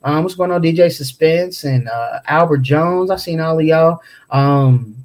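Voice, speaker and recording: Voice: mid-range voice, measured pace. Rambling young parent on a livestream. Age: young adult. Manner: rambling, many ums and restarts. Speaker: parent hosting a family livestream. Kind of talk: casual livestream chat.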